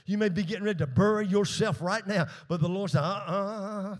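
High-voiced pastor preaching with rising shouts. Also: male voice, fast. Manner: drops to hushed low asides between shouted peaks. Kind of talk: sermon.

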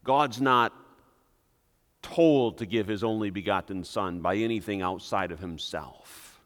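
A man preaching a sermon as pastor, deliberate and emphatic, pressing on key words. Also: fairly low pitch, fairly bright tone. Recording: long reverb of a church hall.

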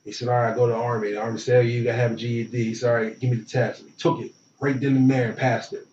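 An animated young man, appearing as an interview guest, races through casual stories from his small-town youth in a mid-range voice, acting out the voices of the people involved. He sounds a bit far from the mic in a roomy space. The tone is dull and muffled, with faint noise behind him.

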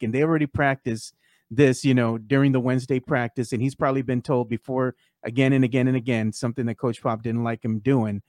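A man hosting a laid-back sports talk show, chatting in a loose, filler-heavy way. His voice sits at an ordinary male pitch. The sound is dry and close, with no room around it. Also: darkish tone, dry recording. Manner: conversational, many fillers, reads fan posts aloud. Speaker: podcast host.

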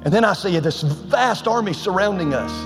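A man's voice: high voice, animated, moderate pace, gravelly, over music. A man voicing a frightened young male servant who pleads frantically, heard in an echoey church hall. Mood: incredulous.

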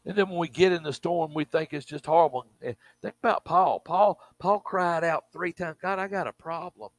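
Male preacher, fairly high voice with a gravelly edge, emphatic sermon delivery, dry close sound. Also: normal speed, no echo, poor audio. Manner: emphatic, repeats words, frequent "amen".

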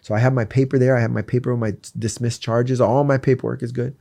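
A man's voice: medium pitch, little pitch movement, quick pace, creaky, mellow. A man telling his personal faith story as a guest in an earnest, candid way. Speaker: guest sharing his testimony. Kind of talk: personal faith testimony in conversation.

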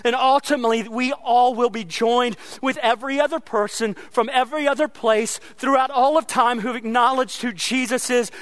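A man preaching a sermon as pastor, earnest, often repeating words and slowing down to stress a line. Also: extremely high pitch, fairly bright tone, no room sound.

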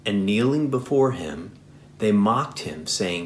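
A man reading scripture aloud in a church, steady and measured. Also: lowish voice, reverberant, slight background noise. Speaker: scripture reader.

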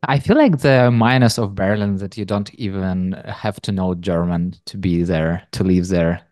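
A man's voice: low voice, a little mellow, no echo, clean studio sound. A man hosting a podcast, friendly and chatty, laughing often. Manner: friendly, laughs often, quick bursts when explaining. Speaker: podcast host. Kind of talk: casual interview.

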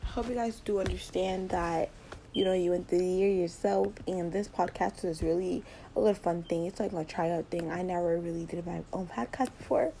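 A woman's voice: fairly low pitch, fairly even intonation, moderate pace, gravelly, mellow, slight background noise, poor audio. A teenage girl hosting her first casual podcast late at night at home, rambling and repeating words with a giggly manner, recorded on a laptop mic. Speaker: podcast host.

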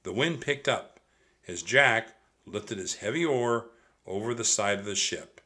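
A man reads a children's adventure story aloud at a slow, deliberate pace. His voice is bright and expressive, and he speaks straight to the kids listening. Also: on the low side. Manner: expressive, addresses kids directly. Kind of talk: reading a children's book aloud.

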